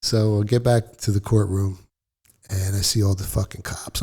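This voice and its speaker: A middle-aged man with a low, husky voice tells his story bluntly and profanely, full of swearing and vivid retelling. He talks casually, as a guest in an interview. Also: steady tone, moderate pace, warm tone.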